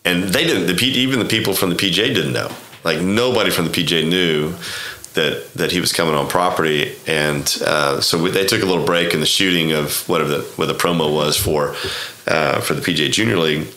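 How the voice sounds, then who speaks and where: A middle-aged man from Oklahoma, a golf professional, telling a story in a casual interview, rambling and animated, acting out quoted dialogue. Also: low voice, a little fast. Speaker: golf club professional, guest. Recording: echoey room.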